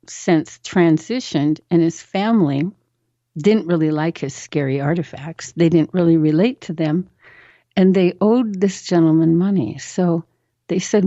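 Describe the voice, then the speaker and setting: A woman guest tells a personal story on a talk show, slipping into other people's voices as she goes. Her voice is low and mellow and sits dry and close. The recording is slightly dull and lo-fi. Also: no room sound. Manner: animated storyteller who acts out quoted voices. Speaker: interview guest. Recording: dull, lo-fi sound.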